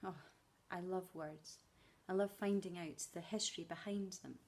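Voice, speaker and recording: A Scottish woman with a lowish, darkish voice talks at a moderate pace with fairly even intonation. She's a primary school teacher out on a walk, recording a welcome video for her future pupils, and she's playful, chatty and fond of puns.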